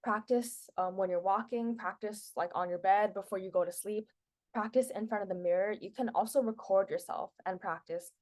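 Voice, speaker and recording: A woman's voice: medium pitch, moderate pace, darkish tone. A teenage girl presenting public speaking tips to a class in a casual, chatty way, with lots of filler words. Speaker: student presenter.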